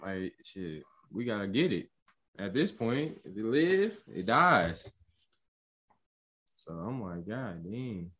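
A man's voice: low-pitched, animated, takes it slowly, pauses often, pushed and bright. A man reacting in casual chat, slangy and laughing often. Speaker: podcast co-host.

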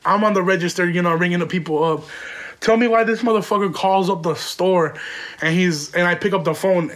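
A man with a high voice spins a comic story from his own life. He rambles, swears freely and stacks up "like" fillers in an animated, slangy delivery. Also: a little fast. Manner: rambling, profane, with many "like" fillers. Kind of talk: comedic storytelling.

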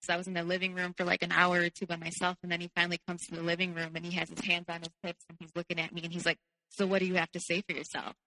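A woman's voice: fairly low pitch, monotone, very fast, hardly any pauses, sharp tone, in a large hall, poor audio. A young woman telling a personal story as a podcast guest in a candid, casual way, with many fillers.

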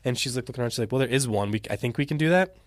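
A man's voice: mid-range voice, racing, no room sound. Man telling a rambling story. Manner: animated storytelling, acting out quotes. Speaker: podcast co-host. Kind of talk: casual chat.

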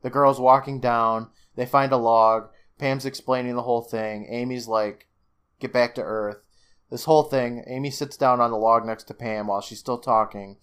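A man's voice: mid-range voice, steady tone, normal speed, few pauses, fairly bright tone, clear, resonant tone. A man co-hosting a podcast, recapping a TV episode in casual chat, cursing freely, laughing often and acting out lines. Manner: swears freely, laughs often, acts out quotes. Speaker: podcast co-host.

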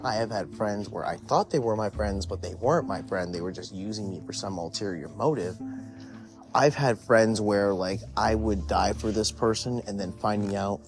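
Music plays softly behind a young man with a fairly low voice speaking at a moderate pace. As a podcast host, he tells a candid, confessional personal story in a rambling way, using "like" constantly.

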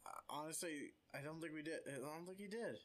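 A man's voice: fairly high pitch, brisk, a crowd in the background. A young man co-hosting a casual chat, hesitant and laughing as he talks. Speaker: podcast co-host.

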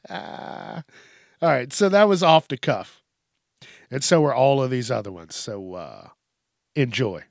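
Gravelly, slow-talking profane podcast man. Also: mid-range voice, expressive, no room sound, studio quality. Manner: blunt, profane, rambling. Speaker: podcast host. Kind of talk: casual monologue.

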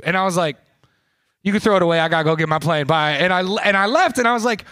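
Guy with a pretty high voice rambling thru a funny story, swears a lot, laughs at himself. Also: animated, fast talker, fairly bright tone. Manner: rambling, profane, self-mocking storytelling. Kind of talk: comic storytelling on a live podcast.

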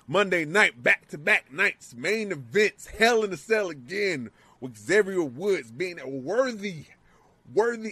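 A man in casual podcast chat, excitable and profane, acting out moments with yells. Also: on the high side, breathy edge, no room sound. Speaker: wrestling show co-host.

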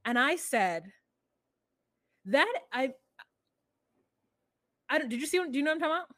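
Chatty higher-voiced woman podcaster. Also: expressive, slow pace, long pauses, fairly bright tone, no echo, clean studio sound. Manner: chatty, lots of fillers and asides. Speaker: podcast co-host. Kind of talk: casual recap chat.

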